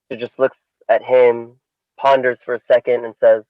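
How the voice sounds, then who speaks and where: Animated man telling a story, dry sound. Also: moderate pace, dry recording, highs cut off. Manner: animated storyteller, swings pitch for emphasis. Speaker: podcast co-host. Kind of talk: casual storytelling chat.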